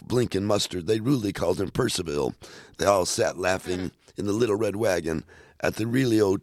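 A man hosting a radio show, reading children's poems aloud in a playful, expressive way. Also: lowish voice, no echo, studio quality.

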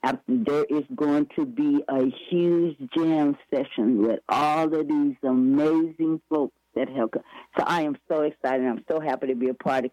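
A man's voice: a little high, darkish tone, no room sound, lo-fi sound. A man chatting eagerly as an interview guest, rambling with many restarts and self-corrections. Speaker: guest promoting upcoming events. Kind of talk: casual radio interview chat.

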